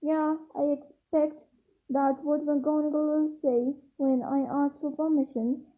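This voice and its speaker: A woman's voice: sits high, little pitch movement, a little slow. A woman reading as a glum teenage boy wizard. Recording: tinny phone-like sound.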